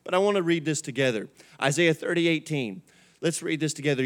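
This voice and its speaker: A man's voice: a little high, lively intonation, a little fast. A male pastor preaching a conversational midweek sermon in church, repeating key words and calling on the congregation to answer. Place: church sanctuary.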